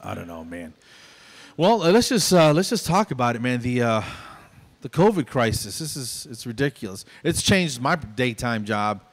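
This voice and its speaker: A man's voice: mid-range voice, animated, normal speed. Middle-aged man doing self-deprecating stand-up. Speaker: stand-up comedian. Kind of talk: stand-up comedy set. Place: stage at a small venue.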